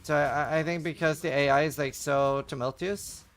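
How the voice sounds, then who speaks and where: A man's voice: on the high side, steady tone, moderate pace. A man live-streaming a game, chatting casually and answering his chat between plays.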